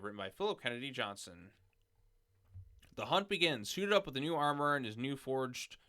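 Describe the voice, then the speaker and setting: A man hosting a casual video, reading comic solicitation blurbs aloud and commenting off the cuff in a relaxed way. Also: on the low side, smooth.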